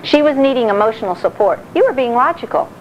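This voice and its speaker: A middle-aged woman giving a sermon-style talk on marriage, animated and acting out quotes. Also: on the high side, fast talker, highs cut off, slight background noise. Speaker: speaker on marriage.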